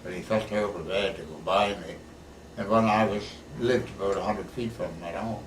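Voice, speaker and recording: A low-voiced older veteran talks fairly quickly with fairly even intonation, sharing folksy stories in a casual interview. Plain in his speech, he keeps adding "eh" to the ends of sentences. He's recorded from a distance in an echoey room with faint background hiss.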